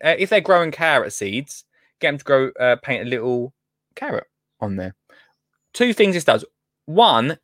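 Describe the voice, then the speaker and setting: A man's voice: medium pitch, a bit bright, no room sound. A man presenting gardening tips on a live stream in a chatty, easily sidetracked way, laughing often. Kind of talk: casual live chat.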